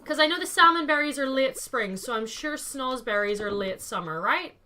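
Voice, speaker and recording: Bright high-voiced woman streaming. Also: animated, normal speed, a little hiss or hum. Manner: chatty, thinks aloud, answers chat by name. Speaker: game streamer. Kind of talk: casual live-stream chat while playing.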